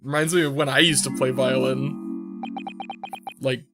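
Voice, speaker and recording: A streamer giving casual, excitable commentary over a story game, reacting loudly and swearing for emphasis. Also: medium pitch, a little slow. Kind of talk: casual let's-play commentary. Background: game music.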